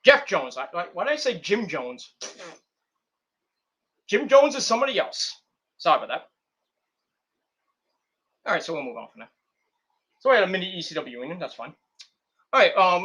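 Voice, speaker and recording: The streamer, a man whose voice runs on the high side and a bit bright, chats casually about wrestling, meandering and profane, with lots of "you know," fillers and false starts.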